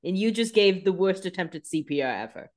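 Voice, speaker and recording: Wry young woman with a lowish voice. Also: expressive, a little fast, a little mellow. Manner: wry, sarcastic asides and laughter. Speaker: podcast co-host. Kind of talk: casual recap chat.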